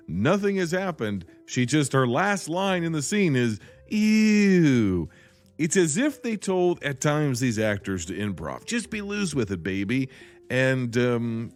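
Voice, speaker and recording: Guy snarking through a bad movie recap, voice jumping all over, faint music under him. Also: medium pitch. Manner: sarcastic, animated, mocking voices for quoted lines. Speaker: podcast host reviewing a film. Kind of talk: comedic film review monologue.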